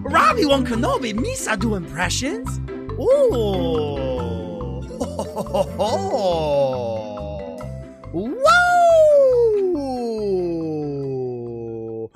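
A woman's voice: medium pitch, wildly swooping pitch, extremely slow, pauses often, over loud music, heavily acted. A woman voicing a goofy, clumsy male alien creature who talks in broken baby talk and whoops and squeals. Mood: giddy.

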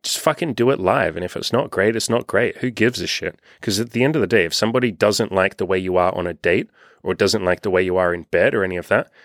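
A man's voice: low-pitched, fast, no echo, clean studio sound. Laid-back swearing male dating coach. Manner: loose and unscripted, swears freely, acts out quoted voices. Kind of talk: casual podcast monologue.

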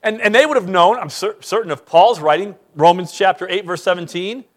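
A man preaching a sermon as pastor, emphatic, repeating words as he starts sentences and swinging between loud and quiet. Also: sits high, brisk.

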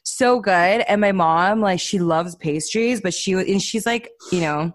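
A woman with a medium-pitched voice co-hosts a casual podcast, speaking unhurriedly in a rambling, giggly way with plenty of fillers. There's no echo on the recording.

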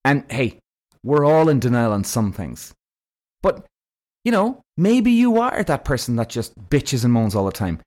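A man, possibly, hosting his own podcast as a casual monologue, speaking bluntly with plenty of swearing and animated emphasis. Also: medium pitch, measured pace. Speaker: podcast host.

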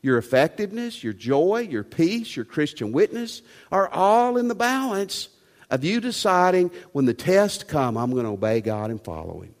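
Preacher guy giving a sermon, kinda high voice, lots of questions to the crowd, big echoey church. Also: lively intonation, normal speed. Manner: emphatic, with rhetorical questions. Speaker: pastor. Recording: long hall reverb.

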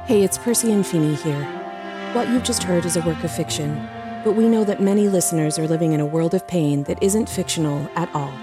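Calm woman reading an outro over music. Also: lowish voice, a little fast. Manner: calm and earnest. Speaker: podcast co-host. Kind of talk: scripted outro announcement. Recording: music bed underneath.

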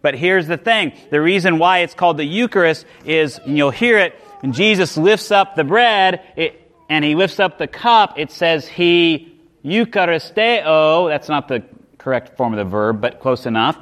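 A man's voice: on the high side, lively intonation, normal speed, a bit bright. Man preaching an emphatic sermon. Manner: emphatic preaching, repeats words and restarts phrases. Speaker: pastor.

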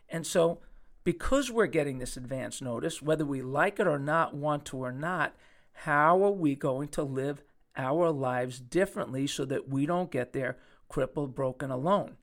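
A middle-aged man, a podcast host and chiropractor, telling a personal story in an earnest, animated way. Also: on the high side. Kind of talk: storytelling talk.

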